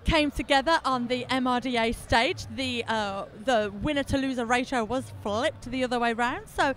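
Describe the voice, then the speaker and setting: A high-pitched woman calls a roller derby game, chatty and quick to laugh at herself. Her voice sits well above the usual range for a woman. Faint noise hums behind her. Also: fairly bright tone. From England. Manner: chatty, giggly, self-mocking. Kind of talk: live sports commentary.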